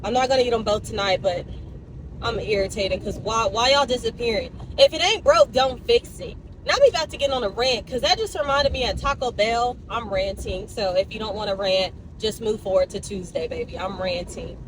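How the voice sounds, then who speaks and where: A woman's voice: on the high side, a little fast, background noise. A young woman vlogging casually from her car and a convenience store, talking expressively, ranting and swearing. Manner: expressive, animated, swears and rants. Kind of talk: casual vlog chat.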